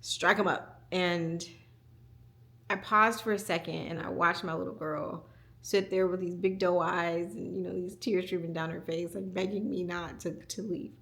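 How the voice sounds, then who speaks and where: A woman in her forties, a communication coach, telling a candid personal story in a home vlog, reflective and quick to laugh. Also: on the low side, fairly even intonation, gravelly, fairly bright tone.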